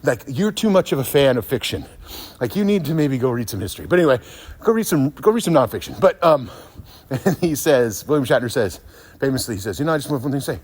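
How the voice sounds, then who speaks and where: A man's voice: mid-range voice, big pitch swings, a little fast, darkish tone, slightly rough. A man ranting in a sarcastic, profane commentary monologue, laughing often. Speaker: YouTube commentator.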